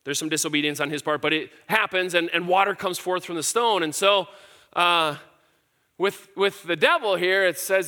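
A man's voice: sits high, moderate pace, sharp tone. A middle-aged man preaching a casual, earnest sermon, with fillers and repeated words as he explains scripture. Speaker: pastor. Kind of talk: conversational sermon.

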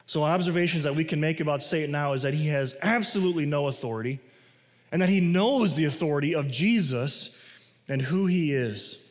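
A pastor giving a sermon, mixing casual asides and restarts with slow, stressed phrases. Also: male voice, on the high side, long reverb tail.

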